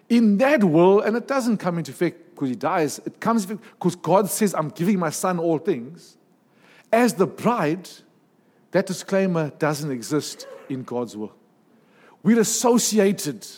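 A man preaching a sermon in a lively, humorous way, with asides and jokes. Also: high-pitched, long reverb tail.

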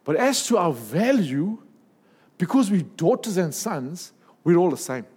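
A man preaching a sermon in a lively, humorous way, with asides and jokes. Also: sits high, measured pace, slightly rough, in a large hall.

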